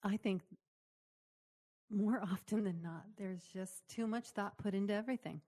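A woman's voice: mid-range voice, moderate pace, dark tone, no echo, clean studio sound. A woman co-hosting a radio talk show, speaking frankly and teasing her co-host, swearing casually. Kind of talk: casual on-air chat.

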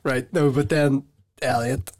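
A man's voice: mid-range voice, fairly even intonation, measured pace, a little mellow. A young man, trading stories on a casual podcast. He often jumps in and talks over his co-host. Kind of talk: casual chat.

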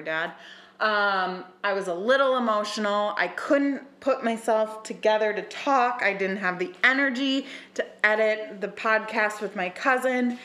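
A young woman hosting a podcast by herself, talking emotionally and swearing as she moves between quiet asides and fired-up preaching. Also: on the high side. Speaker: podcast host. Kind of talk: casual solo podcast rant.

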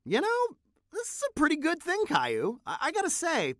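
A woman's voice: sits high, wildly swooping pitch, normal speed, dry recording. A woman voicing an exasperated, crude middle-aged cartoon dad who swears. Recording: dry close recording.

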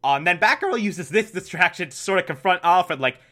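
A man's voice: sits high, animated, fairly quick, few pauses, sharp tone. A man recapping an episode in a casual, sarcastic and rambling way. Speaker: show recapper.

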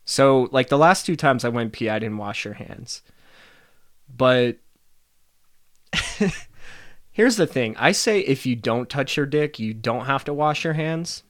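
A man's voice: mid-range voice, expressive, takes it slowly, long pauses, no echo, studio quality. A young man hosting a casual solo podcast, rambling and swearing freely and laughing at his own stories. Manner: rambling, profane, laughs often. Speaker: podcast host.

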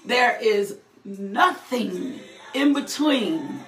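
A woman's voice: medium pitch, expressive, very slow. A woman giving a fervent, emotional personal testimony, repeating phrases and breaking into laughter. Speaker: testifying believer. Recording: roomy echo.

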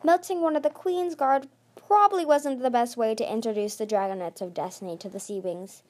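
A woman reading a novel aloud in a steady voice, often tripping over words and correcting herself. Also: a little high, brisk. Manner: steady with frequent slips and self-corrections. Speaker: storybook reader.

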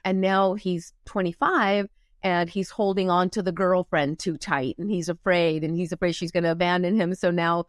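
Animated woman coach telling stories. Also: lowish voice, normal speed, dry recording, studio quality. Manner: animated storyteller, acts out quoted voices. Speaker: guest, performance coach. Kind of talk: conversational interview.

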